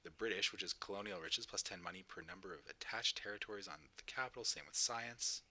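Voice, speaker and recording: Tired man streaming a game, low voice. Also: fast talker, sharp tone, slightly rough, rough recording. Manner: mumbly, thinking aloud. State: tired, yawning. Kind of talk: casual game commentary. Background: game music.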